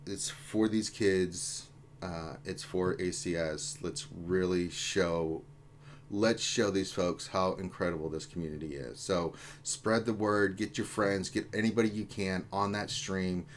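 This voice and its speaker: Male co-host, energetic and joking, reads chat live. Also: low voice, measured pace, a little hiss or hum. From Houston area, USA. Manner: energetic, jokey, hyping up viewers. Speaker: livestream co-host reading chat. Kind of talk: casual gaming livestream chat.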